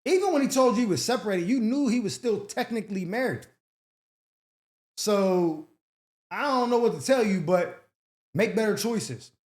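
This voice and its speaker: A man's voice: sits high, animated, moderate pace, pauses often, a little mellow. A man hosting an advice show, giving blunt, slangy, mocking commentary. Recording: roomy echo.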